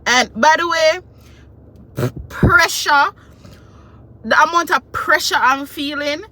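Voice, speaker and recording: A woman, telling a personal story in a casual, animated and emotional way. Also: sits high, takes it slowly. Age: 20s. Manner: animated, emotional retelling with quoted voices. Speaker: vlogger.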